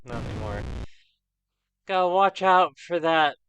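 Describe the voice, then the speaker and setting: A man's voice: a little high, lively intonation, unhurried, highs cut off, heavy background noise. A man hosting a let's play of an old role-playing game, chatting casually with rambling asides. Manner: chatty, rambling, self-correcting.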